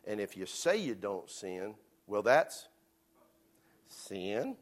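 A man's voice: lowish voice, expressive, a little slow. A male pastor preaching a sermon in a conversational, self-deprecating storytelling manner.

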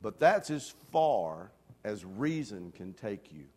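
Animated preacher man telling a story. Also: lowish voice, takes it slowly. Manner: animated, swings from hushed asides to loud excited bursts; self-deprecating humor. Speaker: pastor. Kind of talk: storytelling sermon.

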